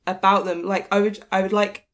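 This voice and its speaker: A woman's voice: mid-range voice, flat delivery, fairly quick, fairly bright tone. A woman in her late twenties co-hosts a podcast in a loose, casual chat. She rambles eagerly, often restarting her sentences as her ideas tumble out. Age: late 20s. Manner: enthusiastic, rambling, many restarts. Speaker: podcast co-host.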